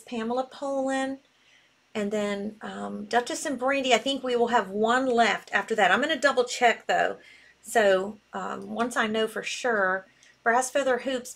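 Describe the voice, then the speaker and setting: A bubbly woman hosts a live selling stream and gushes freely. Her voice sits a touch high for a woman, bright with easy enthusiasm. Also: gravelly. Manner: bubbly, gushing. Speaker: live sale host.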